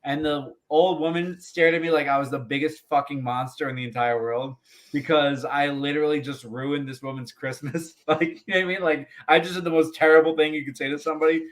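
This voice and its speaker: A man, a comedian guest on a podcast interview, telling a long profane anecdote with frequent laughs. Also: fairly high pitch.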